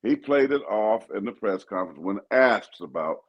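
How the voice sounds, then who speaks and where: An older man, a pastor and co-host, talking sports in an animated, preachy way that repeats itself. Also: on the low side, normal speed, slightly rough, dull audio. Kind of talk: casual sports talk.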